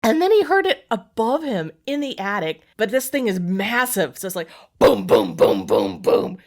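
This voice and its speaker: A woman's voice: a little high, lively intonation, normal speed. A woman telling a funny story in casual chat, laughing often and acting out what her husband said. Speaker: podcast co-host telling a story.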